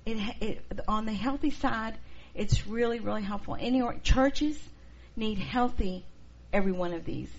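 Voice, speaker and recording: A middle-aged woman teaching a church class, expressive and acting out the people she quotes. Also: fairly high pitch, normal speed, hardly any pauses. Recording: dull lo-fi recording, faint noise.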